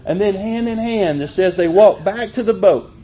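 A man preaching a folksy, animated sermon, chuckling as he tells stories. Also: moderate pace. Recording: muffled, low-fi with faint noise.

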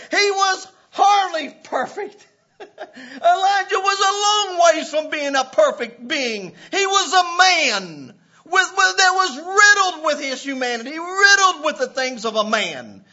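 A man preaching a sermon with passion, often breaking into shouts and laughs. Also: extremely high pitch. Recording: dull lo-fi recording.

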